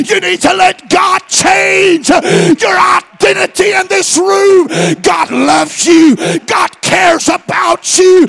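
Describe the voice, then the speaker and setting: A man preaching a sermon, shifting from hushed, confiding storytelling to impassioned, chanting calls to his congregation. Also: very high-pitched, vocal fry.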